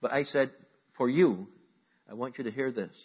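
A man preaching a sermon to a congregation, calling out to the room and moving between loud emphatic lines and quiet asides. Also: mid-range voice, moderate pace, breathy edge, lo-fi sound. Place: church.

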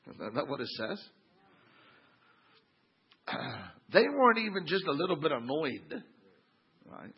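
A man preaching a sermon and reading scripture aloud, acting out the crowd's sneering lines with lively emphasis. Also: a little high, slow, gravelly, long pauses, slightly rough, muffled recording. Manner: animated, mimics the crowd's sneering tone. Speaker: pastor.

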